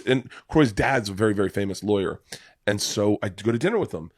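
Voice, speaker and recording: A man telling a rambling, profane and emotional story in casual podcast chat, his voice dropping soft when he is moved. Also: on the low side, expressive, fairly quick, no room sound, studio quality.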